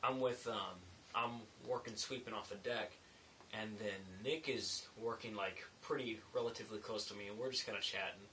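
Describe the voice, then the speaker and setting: Guy a bit far from the mic, soft hiss behind, chatting loosely about his construction job. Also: lowish voice, steady tone, moderate pace. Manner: rambling, loose, with many fillers. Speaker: construction laborer vlogger. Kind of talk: casual late-night storytelling. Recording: faint hiss, mic set back.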